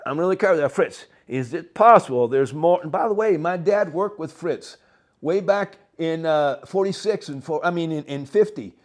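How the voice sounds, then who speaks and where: An older man with a drawl tells a winding story in a notably high voice. He talks in an animated, halting way and keeps stopping to chuckle. He is the guest in an interview. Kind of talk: rambling storytelling.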